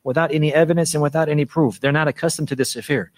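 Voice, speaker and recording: Fast-talking male preacher, dry sound. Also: fairly high pitch, steady tone, no echo. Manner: repeats phrases for emphasis, mixes in Arabic phrases. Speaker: Islamic preacher and teacher. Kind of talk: religious lecture.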